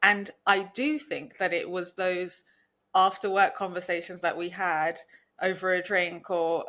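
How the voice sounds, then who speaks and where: A woman's voice: lowish voice, level tone, measured pace, sharp tone. A young woman co-hosting a podcast, talking casually and rambling with many restarts and fillers. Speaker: podcast co-host. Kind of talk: casual chat.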